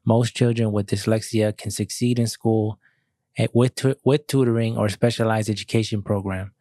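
A young American man in casual podcast chat, asking pointed questions and reading aloud haltingly. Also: lowish voice, steady tone, dark tone, no room sound. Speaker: podcast co-host.

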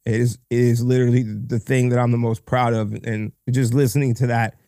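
A man's voice: mid-range voice, level tone, brisk, mellow, dry recording, studio quality. A man being interviewed on a podcast, speaking candidly and earnestly with frequent restarts, choked up with emotion. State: emotional, near tears. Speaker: podcast guest, entrepreneur. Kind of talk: casual interview chat.

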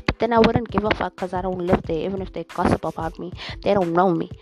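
A woman's voice: fairly low pitch, fast, very noisy. A young South African woman hosting a solo podcast, ranting bluntly and sassily with lots of swearing. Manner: blunt, profane, sassy. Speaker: podcast host. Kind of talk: casual solo rant.

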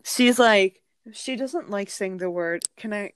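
A woman co-hosting a podcast who tells family stories in a casual, animated way, full of "like", and often acts out the other people's voices. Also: mid-range voice, takes it slowly, clear, resonant tone, no room sound. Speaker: podcast co-host. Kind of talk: casual storytelling chat.

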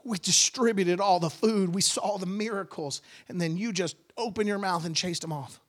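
A pastor preaching with a high, bright-edged male voice. He surges from steady teaching into impassioned, near-shouted climaxes, carrying the congregation with him. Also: moderate pace. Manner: impassioned, rising to shouts at peaks. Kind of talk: sermon.

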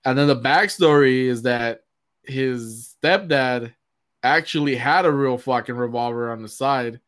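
A young man chats casually, spinning a wild story full of profanity. He acts out the people in it as he goes. His pitch sits mid-range, with an everyday conversational delivery. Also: unhurried, clear, resonant tone. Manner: profane, animated retelling, acting out quoted voices.

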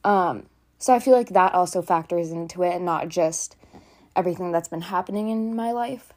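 A woman's voice: fairly low pitch, moderate pace, a little mellow. A teenage girl talking casually from home about her own experience, earnest and rambling, full of "like" and "um". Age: teens. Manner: earnest, rambling, with frequent fillers. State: out of breath. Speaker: podcast host. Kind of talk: casual personal talk.

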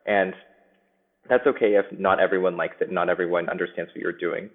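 A man's voice: low-pitched, little pitch movement, a little fast. A man, a guest on a podcast, giving earnest advice in casual chat. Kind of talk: casual interview. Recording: tinny phone-like line.

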